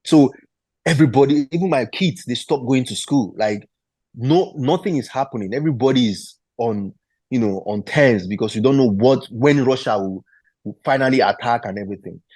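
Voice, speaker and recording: A man with a Nigerian accent, a footballer being interviewed, retelling a story with lively quoted voices and frequent restarts. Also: medium pitch, moderate pace, breathy edge, no echo. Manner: animated retelling, acting out the people he quotes; frequent restarts and repeated words. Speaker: guest footballer.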